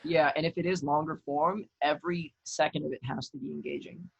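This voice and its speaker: A man guesting on a podcast, talking in a relaxed, thoughtful way and swearing now and then. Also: a little high, brisk, gravelly, slightly rough, dry recording, highs cut off. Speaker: podcast guest, actor and content creator. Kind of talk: casual conversation.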